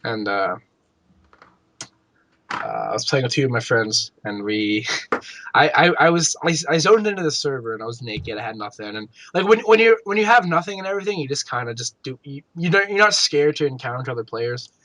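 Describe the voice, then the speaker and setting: Animated young man telling a story. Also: mid-range voice, fairly quick. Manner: animated storyteller, swears freely, acts out shouted quotes. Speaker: podcast co-host. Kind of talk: casual gaming chat.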